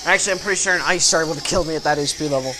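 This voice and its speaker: Excitable young man calling a game battle. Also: on the high side, rapid-fire. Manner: excitable, yelps reactions and swears. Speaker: gaming channel host. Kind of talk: battle commentary over gameplay. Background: faint metal music.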